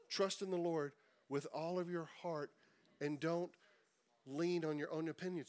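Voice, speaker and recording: A middle-aged man preaching a sermon in a conversational way, repeating words and slowing down for emphasis. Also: on the high side, fairly even intonation, a little mellow. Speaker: pastor.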